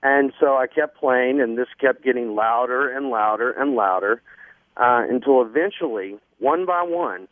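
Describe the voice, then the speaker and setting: A man guest earnestly telling a long personal story on a radio show, halting often with fillers. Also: medium pitch, dry recording. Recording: dry phone line.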